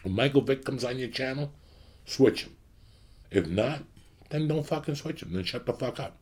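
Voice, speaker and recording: A man's voice: mid-range voice, lively intonation, normal speed, darkish tone, breathy edge. A man in his fifties from the New York area, hosting his show with a blunt, profane rant to his audience. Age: 50s. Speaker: podcast host.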